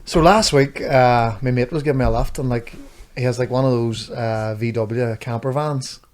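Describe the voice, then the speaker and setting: A man's voice: mid-range voice, fairly even intonation, normal speed, a little mellow. A man with a Northern Irish accent, co-hosting a podcast and telling rambling, sweary anecdotes in casual chat. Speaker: podcast co-host.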